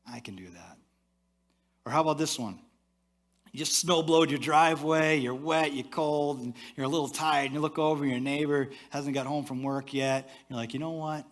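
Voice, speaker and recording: Speaking to his church congregation in a conversational manner, a male pastor delivers a sermon with a steady tone at a moderate pace. For asides, his voice drops soft and low.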